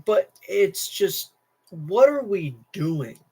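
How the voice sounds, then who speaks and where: A man's voice: sits high, very animated, drawn-out words, darkish tone, breathy edge. A teenage boy streaming a casual political rant, tired, restless, repeating himself and restarting sentences. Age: teens.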